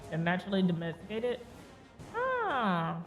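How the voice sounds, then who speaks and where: Her pitch is medium but swings hugely, and she takes her time as she streams a video game, giggling, chatting casually, and replying to its characters. Game music can be faintly heard.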